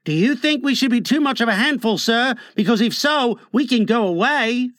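A man's voice: extremely high pitch, expressive, fairly bright tone, no echo, studio quality, voice pushed up. A man voicing a proud, touchy boy who speaks up indignantly in an audiobook. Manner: hurried, indignant.

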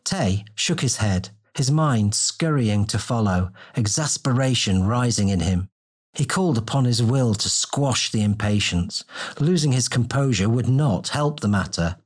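A man narrating a fantasy audiobook in a steady, descriptive storytelling manner. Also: medium pitch, measured pace.

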